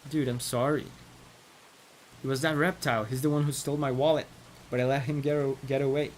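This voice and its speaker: A man's voice: mid-range voice, steady tone, fairly quick, slight background noise, lightly acted. A man reading aloud the lines of a shy, insecure young boy who thinks he's a frog, keeping close to his own voice. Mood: pleading. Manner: reads game dialogue aloud in a mild, lightly acted tone.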